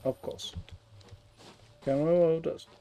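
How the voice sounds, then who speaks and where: Sarcastic gravelly gamer guy. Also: fairly high pitch, steady tone, a little slow, mellow, faint music behind. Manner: sarcastic, swears casually. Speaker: gaming streamer. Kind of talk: casual gameplay commentary.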